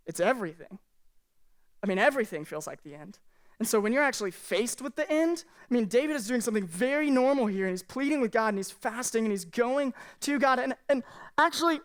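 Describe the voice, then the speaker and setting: A woman's voice: fairly high pitch, lively intonation, brisk. A woman pastor giving a sermon from a church stage, earnest and conversational, speaking candidly to the congregation.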